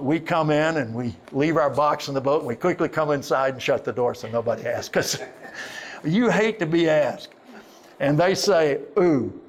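Older male preacher, gravelly voice, folksy storyteller, faint hiss behind. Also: mid-range voice. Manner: storytelling preacher, folksy asides, slow emphatic quotes. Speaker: pastor. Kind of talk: sermon.

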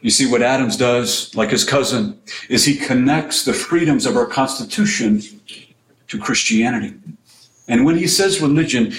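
A man's voice: medium pitch, a little slow, a little hiss or hum. Emphatic preaching man in an echoey room. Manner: emphatic, rhetorical questions, repeats key phrases. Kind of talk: sermon-style teaching.

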